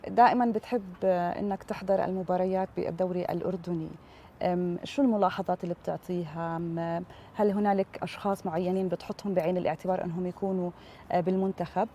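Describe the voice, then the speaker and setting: A woman hosting a morning sports TV show, putting brisk questions to her guest. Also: lowish voice, fairly even intonation, warm tone, a little hiss or hum. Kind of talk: TV interview questions.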